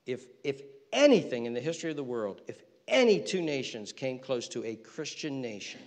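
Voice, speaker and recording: A man preaching a sermon as pastor, impassioned, repeating phrases and swinging between loud peaks and hushed lines. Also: medium pitch, very animated, moderate pace, long reverb tail.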